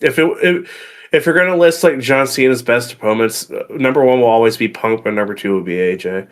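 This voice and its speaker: A man guesting on a livestream, chatting casually in a relaxed, rambling way. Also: mid-range voice, brisk. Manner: relaxed, rambling, with fillers and restarts. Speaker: guest co-host. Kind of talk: casual chat.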